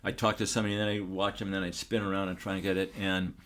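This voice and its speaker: An older man, a photographer, telling a story in a relaxed, rambling way, full of restarts and fillers. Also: low voice, rapid-fire. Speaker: photographer, guest.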